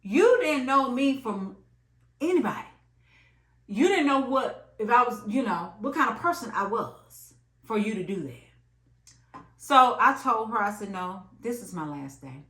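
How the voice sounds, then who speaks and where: A woman in her late thirties telling an emphatic, animated story about her job in a vlog. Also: a little high, a little slow. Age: late 30s. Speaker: vlogger. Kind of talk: storytime monologue. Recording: echoey room.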